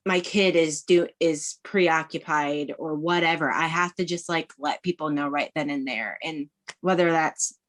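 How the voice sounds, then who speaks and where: A woman in her thirties talking openly as a podcast guest. She rambles in casual chat with lots of fillers, and her voice is a little low for a woman. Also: fairly bright tone. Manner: candid, rambling, many fillers.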